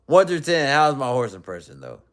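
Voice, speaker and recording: A man's voice: medium pitch, wildly swooping pitch, a little fast, a bit bright. A young man casually chatting on a livestream, reading viewer comments in a loose, rambling way and laughing often. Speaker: livestream host.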